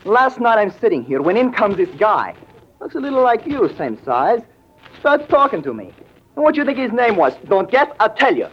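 An actor playing an eager young piano player who talks in jive slang in 1940s radio acting. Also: male voice, high voice, very animated, normal speed, breathy edge, exaggerated voice. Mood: chatty jive. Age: young adult. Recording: dull old radio recording.

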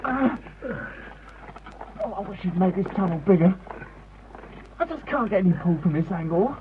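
A man's voice: high-pitched, lively intonation, normal speed. An actor playing a jumpy, complaining man stuck in a tunnel, in a radio drama. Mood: straining. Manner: jittery, complaining. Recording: tinny old radio broadcast with faint hiss.

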